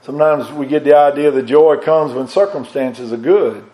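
A man preaching a sermon with a fervent, repetitive cadence, climbing higher and louder on emphatic points and dropping low and soft on reflective ones, with halting restarts. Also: rough recording. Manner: rises in pitch and force on emphatic points, drops low and soft on reflective lines.

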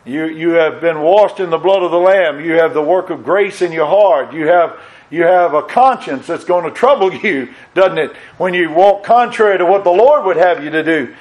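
A man's voice: on the high side, moderate pace, highs cut off. A middle-aged man preaching a sermon as pastor, earnest, repeating phrases and quoting scripture in old wording.

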